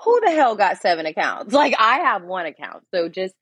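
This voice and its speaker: A woman's voice: medium pitch, big pitch swings, normal speed, fairly bright tone, breathy edge, no room sound, studio quality. A woman guest on a podcast, a psychic medium talking candidly and casually, laughing often and swearing now and then.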